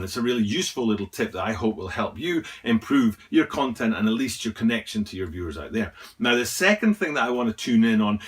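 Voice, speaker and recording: A man's voice: medium pitch, fairly bright tone, recorded from a distance. A man hosting his own channel, walking viewers through a screen-share tutorial in a chatty, rambling way with self-mocking jokes. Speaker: YouTube channel host.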